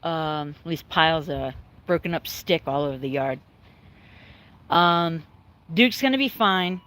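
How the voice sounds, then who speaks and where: A woman chatting casually to her viewers from home, rambling and candid, swearing freely, emotional yet calm. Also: low voice, measured pace. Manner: emotional but calm, choked up at times. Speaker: livestreaming vlogger. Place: at home, dogs in the yard nearby.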